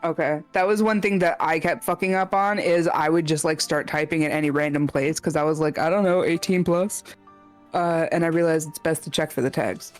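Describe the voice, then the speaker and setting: A young woman co-streaming, chatting casually in a relaxed, rambling way with hesitant restarts. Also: low voice, fairly quick, few pauses, soft background music. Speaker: co-streamer guest. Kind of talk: casual livestream chat.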